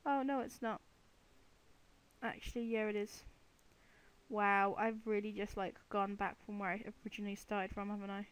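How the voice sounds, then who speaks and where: A woman's voice: mid-range voice, level tone, normal speed, pauses often, clear, resonant tone. A woman giving casual, chatty commentary while playing a video game, playfully talking to the animals and monsters on screen. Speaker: let's play gamer.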